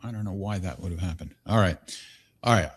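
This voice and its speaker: A man's voice: deep voice, a little fast, breathy edge. A man hosting a call-in talk show, chatty and easygoing with a bemused streak. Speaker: host. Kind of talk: casual talk show chat.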